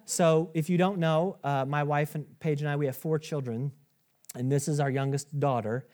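Male pastor in his 30s, lively conversational preaching, quick asides, frequent restarts. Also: fairly high pitch. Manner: conversational, animated, self-interrupting with restarts and asides. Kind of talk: sermon.

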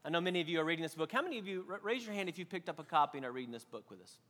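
A man preaching to his congregation in an easy, talkative way, his voice pitched high. The sound rings with a long reverb from a church hall. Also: racing. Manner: animated storytelling with nervous laughs. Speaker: pastor. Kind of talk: sermon.

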